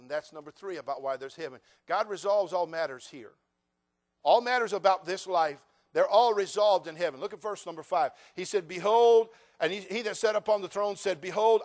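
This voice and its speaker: A male pastor delivers a sermon in a high voice, animated and funny as he acts out the voices of people in his congregation.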